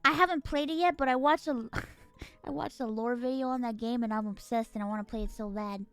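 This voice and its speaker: A woman hosting a stream, chatting casually with excitable, dramatic outbursts. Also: on the high side, fairly quick, clean tone, soft background music. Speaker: stream host.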